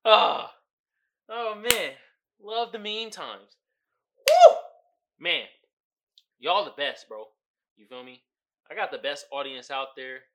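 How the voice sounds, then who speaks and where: Lively bright-voiced male podcast host. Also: a little high, slow, pauses often. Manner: animated, swings from mumbling to loud outbursts, swears and laughs often. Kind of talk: casual comedic commentary.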